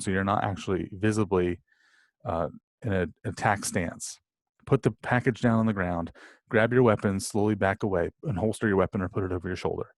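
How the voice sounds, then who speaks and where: Man lecturing, low dry voice. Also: darkish tone, no echo. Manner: conversational, rhetorical questions, acts out inner voices. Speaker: college instructor. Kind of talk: recorded lecture.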